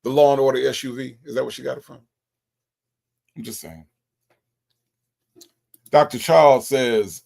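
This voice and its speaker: A man's voice: mid-range voice, steady tone, normal speed, creaky, long pauses, a little mellow. A male host reading out chat comments during a livestream and answering them with sassy, emphatic repetition.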